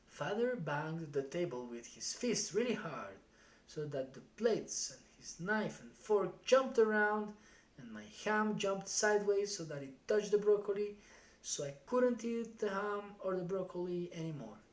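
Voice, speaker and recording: A streamer reading a novel aloud live in steady first-person storytelling. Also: medium pitch, a little slow.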